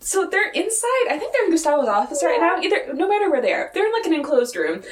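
A woman's voice: very high-pitched, sing-song, quick pace. A woman co-hosting a podcast, chatting casually about a TV episode, laughing often and acting out the characters' lines. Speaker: podcast co-host. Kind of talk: casual chat recapping a TV episode. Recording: echoey room, voice a bit far from mic, faint noise.

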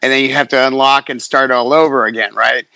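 A middle-aged man, a fighter, telling stories in casual chat, profane and animated, acting out quotes. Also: medium pitch, fairly quick, vocal fry, no room sound. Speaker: guest, fighter.

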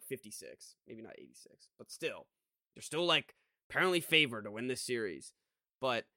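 A podcast co-host chats casually about sports, rambling and frustrated, often stopping to start a thought over. His voice is bright and a bit high for a man. The sound is close and dry, with no room in it and no echo.

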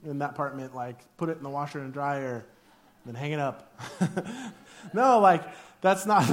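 A man's voice: a little high, moderate pace, pauses often. A man preaching a sermon, in a casual, jokey way, who acts out quoted arguments in a raised voice. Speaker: pastor.

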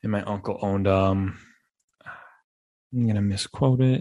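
A young man hosting a podcast, telling casual stories in a rambling, animated way with frequent restarts. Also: medium pitch, slow, long pauses. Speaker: podcast host. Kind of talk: casual monologue.

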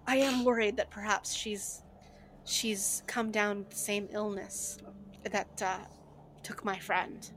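A woman's voice: mid-range voice, fairly even intonation, a bit bright, slight background noise. A woman voicing a hesitant old village man. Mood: concerned. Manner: slow, hesitant, polite.

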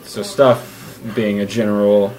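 Laid-back low-voiced podcast co-host. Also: male voice, a little slow, noisy background. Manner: laid-back, teasing, deadpan banter. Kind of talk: casual chat.

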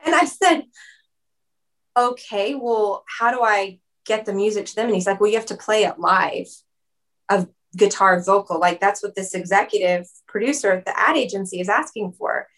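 A woman in a casual interview, telling her story in a loose, chatty flow. Her voice sits at an ordinary middle pitch, and she scatters "like" through her sentences and breaks into quick laughs. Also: a bit bright. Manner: chatty, fillers of "like", laughs often. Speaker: guest.

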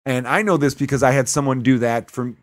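A man's voice: medium pitch, a little fast, dry recording. Brief: thirties male comic, podcast host, ranting and swearing, dry close mic. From Chicago. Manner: profane, ranting storyteller. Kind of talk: casual podcast chat.

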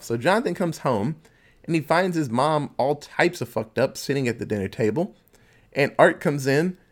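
A man casually retelling a horror film plot, cursing freely, dropping in asides and quick impressions of the characters. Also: mid-range voice. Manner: crude, profanity-laced storytelling with quick asides. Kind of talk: casual movie recap.

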